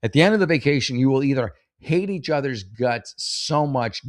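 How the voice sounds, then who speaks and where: A man's voice: medium pitch, normal speed, no echo. Rambling, sarcastic man with a dry close sound. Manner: rambling, sarcastic, swears freely, many restarts. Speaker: host reading and reacting to advice posts. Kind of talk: casual comedic commentary.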